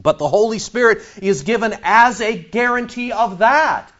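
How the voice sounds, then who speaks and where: A man's voice: sits high, moderate pace, fairly bright tone. A man preaching an expository sermon, emphatic and full of rhetorical questions. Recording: dull lo-fi recording.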